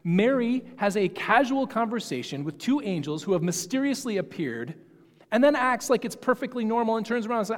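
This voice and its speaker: A pastor giving a sermon, explaining a Bible passage in a conversational, musing way. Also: male voice, high voice, lively intonation, brisk, big-room sound.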